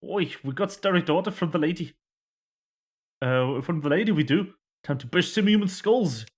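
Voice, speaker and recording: A man voicing a rowdy male beast soldier with a rough put-on accent, eager for a brawl. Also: fairly high pitch, lively intonation, moderate pace, voice pushed up. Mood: gleeful.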